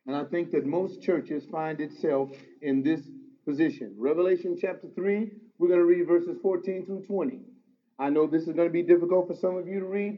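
A man preaching a sermon as pastor, swinging from loud emphatic exclamations to low, intimate asides. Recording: dull lo-fi sound.

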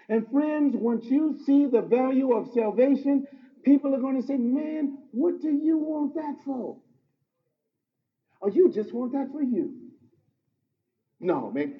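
A man preaching a sermon as pastor, swinging from loud emphatic exclamations to low, intimate asides. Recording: dull lo-fi sound.

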